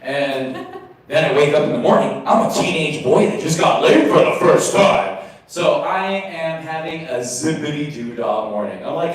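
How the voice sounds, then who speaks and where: A young man performs stand-up at an open mic, telling an awkward story against himself and now and then jumping up into high, silly voices. His voice sits a bit high. He is picked up from a distance in a very echoey small venue. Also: normal speed. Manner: self-mocking storytelling, acts out voices in sudden high bursts. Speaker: stand-up comedian.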